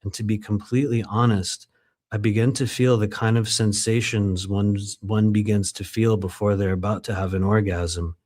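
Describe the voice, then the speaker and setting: A man's voice: on the low side, level tone, normal speed, darkish tone. A man reading aloud from his own book during a live stream, breaking off often into loose, conversational asides with plenty of fillers. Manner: conversational and digressive, many fillers.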